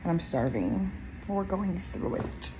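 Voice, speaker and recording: With a fairly low pitch, lively intonation and a measured pace, this pregnant Jamaican vlogger in her twenties talks over background noise. She's candid, chatty and unfiltered, though tired and out of breath.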